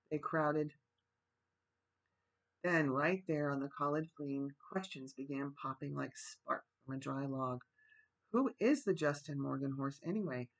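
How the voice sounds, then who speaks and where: A man reading a chapter book aloud as a gentle bedtime story. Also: a little high, a little slow, vocal fry, poor audio. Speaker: storybook reader. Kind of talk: reading a children's novel aloud.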